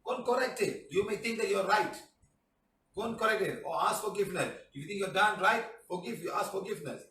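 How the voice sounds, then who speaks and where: High-voiced emphatic male healing teacher. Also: fairly quick, sharp tone. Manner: emphatic, repeats phrases, answers questions directly. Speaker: spiritual healing teacher answering questions. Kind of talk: live question-and-answer talk. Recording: roomy sound from a distant mic.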